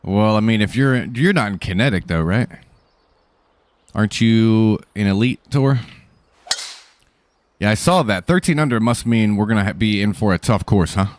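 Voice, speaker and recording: Easygoing male streamer, slightly low voice, dry close-miked sound, casual joking chat. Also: moderate pace, long pauses, dry recording. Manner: laid-back, joking, greets viewers by name.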